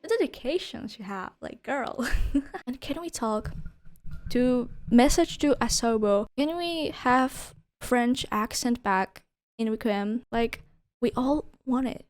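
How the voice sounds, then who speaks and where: A woman's voice: a little high, animated, slow pace. Gushing young woman, sweary and laughing. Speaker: game reviewer. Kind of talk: casual video review.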